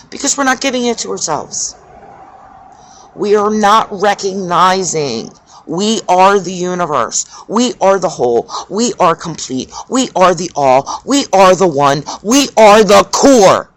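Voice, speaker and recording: A spiritual speaker giving an impassioned, preachy monologue. The speaker swears freely and repeats phrases in a drawn-out cadence. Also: mid-range voice, lively intonation.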